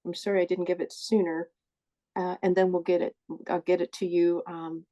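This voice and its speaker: A woman's voice: fairly low pitch, level tone, moderate pace, mellow. A woman presenting to a group over a video call, talking in a chatty way, often correcting herself and apologizing. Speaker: presenter of a support group session. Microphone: earbuds with a phone.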